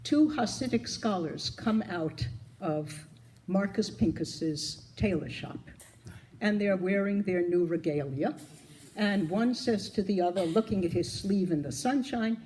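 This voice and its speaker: A man telling jokes at a memorial gathering, in a lively storytelling manner with acted-out quotes. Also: high-pitched, unhurried, a little hiss or hum, low-quality recording. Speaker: memorial speaker.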